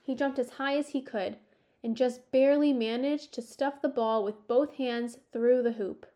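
A woman narrating a children's sports story in a measured, expressive storytelling way. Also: on the high side. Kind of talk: audiobook narration.

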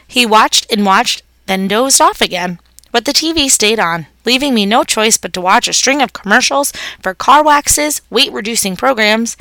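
A woman's voice: fairly high pitch, sharp tone, dry recording. A woman reading a children's story aloud, narrating expressively as a pet hamster.

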